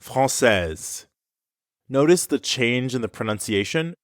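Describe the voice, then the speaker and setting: A man co-hosting a scripted language lesson, explaining clearly. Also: mid-range voice, lively intonation, slow pace, no echo, clean studio sound. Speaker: French teacher.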